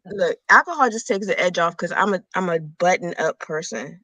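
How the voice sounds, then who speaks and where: Playful bright-voiced woman. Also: lowish voice, animated, normal speed, dry recording, rough recording. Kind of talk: casual chat.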